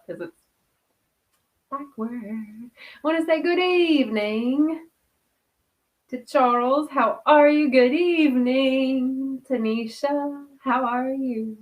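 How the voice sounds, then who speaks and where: A woman hosting a casual livestream who greets viewers by name, laughs often and leads a soft guided breathing meditation. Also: fairly high pitch. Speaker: host.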